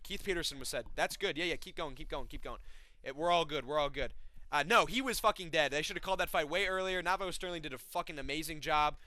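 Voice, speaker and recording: A man's voice: a little high, sharp tone, clear, resonant tone, no room sound. A man hosting a casual fight recap vlog, blunt and profane as he rants.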